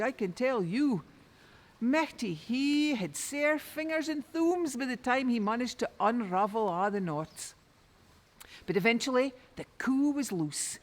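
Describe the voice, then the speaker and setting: A woman with a Doric Scots accent telling a traditional folk tale in rich dialect, lilting and expressive. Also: fairly high pitch. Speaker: storyteller. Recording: long reverb.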